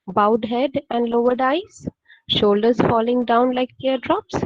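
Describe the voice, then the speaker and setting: A woman with a fairly high voice teaches a poem, reading each line slowly before paraphrasing it with rhetorical questions. The recording is dry and a little dull, with no room echo. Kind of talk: poetry lesson, explaining line by line.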